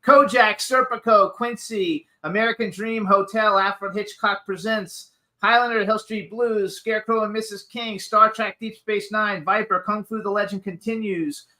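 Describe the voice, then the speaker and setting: Male host, high voice, piercingly bright, eager, list-rattling. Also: fairly even intonation, normal speed, rough recording. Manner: eager, gushing, rattles off lists. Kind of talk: radio interview.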